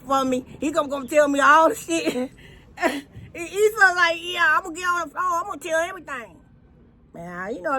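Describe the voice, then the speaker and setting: A woman talks casually and rambles, with lots of fillers, restarts and swearing. She is recorded outdoors near a road. Traffic noise runs clearly behind her voice. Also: mid-range voice. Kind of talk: rambling personal monologue. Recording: noisy with passing traffic.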